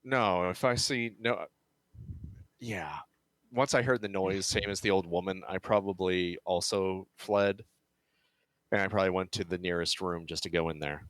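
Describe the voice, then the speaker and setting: Young male player, deep, dry and matter-of-fact. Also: fairly even intonation, moderate pace, fairly bright tone, no echo. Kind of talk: casual tabletop play.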